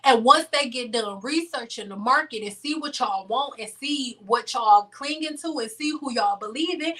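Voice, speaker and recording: A woman's voice: sits high, bright, forceful tone, recorded from a distance. A woman hosting a beauty livestream, talking bluntly and preachily to her viewers, repeating her points. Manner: blunt, preachy, fond of repetition. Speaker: beauty channel host.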